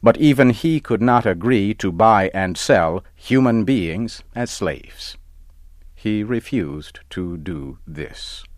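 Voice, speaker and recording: A man reads a story aloud in a slow, deliberate and plain manner, every word set down carefully. His voice sits very low. The sound is dry and close, with no room echo. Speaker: narrator. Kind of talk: scripted story narration.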